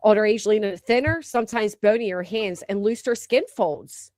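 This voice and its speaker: A woman's voice: mid-range voice, normal speed, darkish tone, no echo, clean studio sound. A woman co-hosting a casual gossip livestream, blunt and profane, reading viewer comments aloud. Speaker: livestream co-host.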